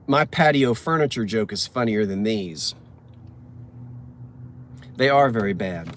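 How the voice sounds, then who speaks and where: A man's voice: lowish voice, lively intonation, a little slow. A man chatting casually and reading out corny jokes, poking fun at himself and tripping over words. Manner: chatty, self-mocking, stumbles over words. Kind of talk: casual chat from a parked car. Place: inside a car.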